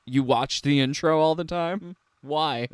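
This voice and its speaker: Slow, sarcastic man mocking a trailer. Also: on the high side, clear, resonant tone, dry recording, studio quality. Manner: sarcastic and mocking, laughs often. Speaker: gaming commentator. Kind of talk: reaction commentary on a game trailer.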